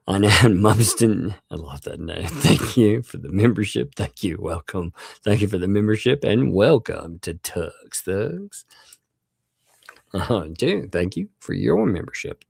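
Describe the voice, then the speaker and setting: A man hosts a casual live stream with a very low, gravelly voice that still swings widely in pitch. He rambles and chuckles as he thanks members one by one. His voice sounds close and dry, with no room around it. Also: dry recording. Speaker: livestream host.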